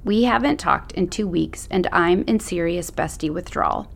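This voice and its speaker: A woman's voice: on the low side, normal speed, vocal fry. A woman narrating an audiobook in the first person, with a sassy, slangy teen attitude.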